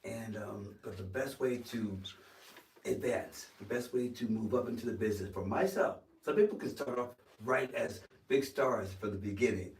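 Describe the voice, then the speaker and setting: Deep-voiced man telling a story. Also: normal speed. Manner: animated storyteller, acts out quoted lines, some stammering restarts. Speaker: actor, interview guest. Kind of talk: storytelling interview. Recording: roomy sound from a distance.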